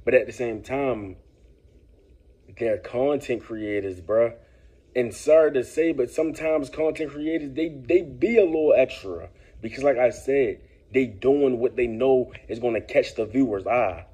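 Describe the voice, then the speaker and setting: A man's voice: medium pitch, measured pace, dark tone, slightly rough. A man giving casual vlog commentary, laid-back and lecturing, often tossing in "man" and "bruh". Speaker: commentary vlogger.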